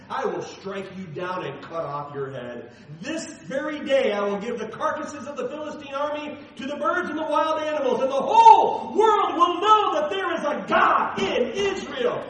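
A fearless young shepherd hero proclaims his defiance, pitched high and ringing with fervor, as a preaching man reads him out. The voice echoes heavily around a large hall, caught from afar. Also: distant mic, a little hiss or hum. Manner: declaiming with rising fervor.

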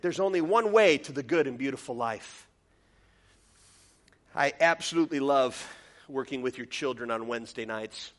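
A male pastor with a bright, high voice delivers a sermon in an animated, self-deprecating way. He tells stories and breaks into squeaky comic quotes, and his tone swings between playful and earnest. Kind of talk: sermon with storytelling.

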